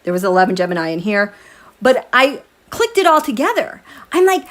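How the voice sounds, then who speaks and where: A woman hosting a tarot livestream at night, chatting casually with viewers, animated, laughing often and reading their comments aloud. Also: mid-range voice, brisk. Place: home, at night.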